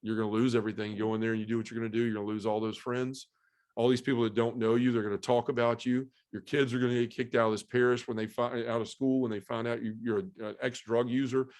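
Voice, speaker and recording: A man's voice: medium pitch, little pitch movement, fast, darkish tone, natural voice. Taunting devil, as a man tells it in his own voice. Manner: accusing, mocking.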